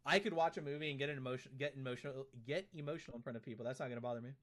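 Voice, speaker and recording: A man's voice: mid-range voice, racing, a bit bright. A man streaming live, chatting casually and reading out and answering comments from his chat, often repeating himself.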